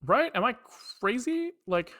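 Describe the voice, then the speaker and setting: Streamer live-coding and thinking aloud, mid-pitched, animated intonation, swears freely at bugs. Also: measured pace. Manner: muttering code aloud, frequent frustrated swearing.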